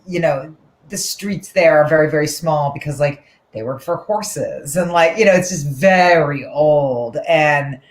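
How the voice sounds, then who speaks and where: A woman's voice: sits low, measured pace. Chatty woman comic. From Newton, Massachusetts. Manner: chatty, animated, many fillers and restarts. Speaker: guest comedian. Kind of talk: casual interview chat. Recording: echoey room on a call.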